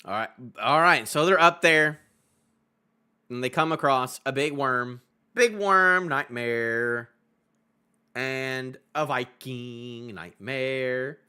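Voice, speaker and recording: A man's voice: medium pitch, slow pace, bright, forceful tone. A man streaming a live manga reaction, reading panels aloud, joking about them and laughing often. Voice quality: voice clear, no longer hoarse.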